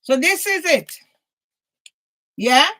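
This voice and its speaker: A woman's voice: high voice, animated, slow pace, a bit bright, poor audio. A woman giving an angry, emotional monologue to camera, swearing heavily and repeatedly asking "yeah?", close to tears at times. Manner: agitated, heavy swearing, keeps asking "yeah?". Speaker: vlogger.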